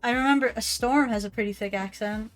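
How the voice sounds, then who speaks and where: A woman chatting casually as a stream co-host, soft-spoken and giggly. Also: on the high side, fairly quick, soft background music. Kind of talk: casual chat.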